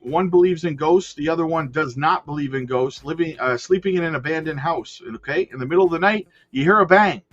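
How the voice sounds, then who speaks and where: A man's voice: fairly high pitch, a bit bright. A man hosting a casual crypto livestream, chatting with viewers and reading their comments aloud. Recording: dull lo-fi sound with faint music.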